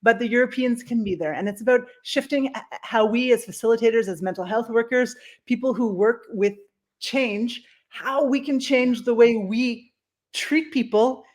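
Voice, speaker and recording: A woman's voice: on the high side, moderate pace. Chatty Canadian-raised woman host. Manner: chatty, laughs often, self-deprecating. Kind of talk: casual chat.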